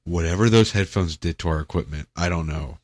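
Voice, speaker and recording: A man's voice: deep voice, fairly quick, dry recording, studio quality. A young man co-hosting a casual podcast, joking around and laughing often. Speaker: podcast co-host. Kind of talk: casual chat. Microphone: studio headset mic.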